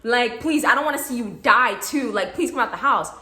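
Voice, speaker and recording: A young woman telling a casual storytime in a chatty, animated way, acting out quotes. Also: fairly high pitch, fairly quick. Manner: animated, chatty, laughs often, acts out quotes. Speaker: vlogger. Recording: echoey room.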